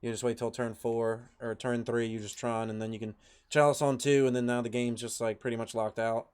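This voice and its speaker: A man with a smooth, clear voice, co-hosting a casual podcast chat. His talk wanders, padded with plenty of "like" and "um". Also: medium pitch, little pitch movement, fairly quick, darkish tone. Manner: loose and rambling, full of fillers. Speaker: podcast co-host.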